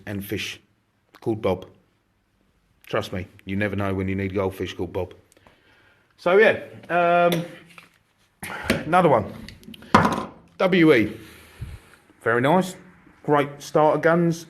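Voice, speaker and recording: An excitable man talking straight to his online viewers from inside his shop. His voice sits at an ordinary middle pitch, and he chats in a loose, jokey way, greeting people and wandering between asides. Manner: chatty, excitable, jokey, addresses viewers directly. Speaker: airsoft shop owner. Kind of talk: casual live stream chat.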